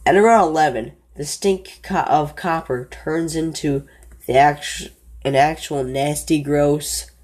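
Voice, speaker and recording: Telling a first-person horror tale, the narrator sounds a little mellow, speaking slowly and quietly and regularly breaking off to correct herself.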